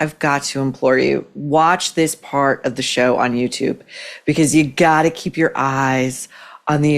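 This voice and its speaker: A woman hosting a commentary podcast, talking in a sarcastic, cutting way. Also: low voice. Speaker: podcast host. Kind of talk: opinionated commentary.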